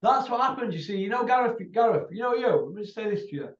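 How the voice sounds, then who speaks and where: A man's voice: sits high, expressive, fast. Blunt mocking man, roomy and distant. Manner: blunt, mocking banter, addressing people by name. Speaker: boxing vlogger. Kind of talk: off-the-cuff rant to camera. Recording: roomy, distant, dull sound.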